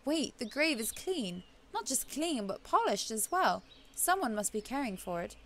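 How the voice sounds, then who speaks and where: A woman voicing a thoughtful young heroine, reading her inner thoughts quietly and softly with a slightly posh touch. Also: a little high, very animated, moderate pace, a little hiss or hum. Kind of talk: let's play voice reading.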